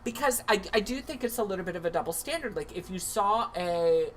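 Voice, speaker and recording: A man's voice: high-pitched, animated, a little fast, a bit bright, slight background noise. A man hosting a livestream, chatting in a campy, comedic way with lots of asides. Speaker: livestream host. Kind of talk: casual comedic commentary.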